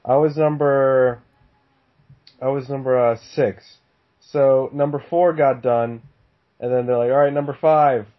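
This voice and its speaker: A man's voice: mid-range voice, steady tone, slow pace, pauses often. A man telling a story in casual chat, swearing often and laughing. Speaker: podcast guest. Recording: dull lo-fi sound.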